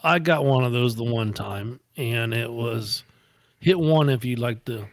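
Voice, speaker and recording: A man casually telling prank phone stories on a podcast, often jumping into a high voice for his quotes. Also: measured pace, no room sound, clean studio sound. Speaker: podcast co-host. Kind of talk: casual storytelling.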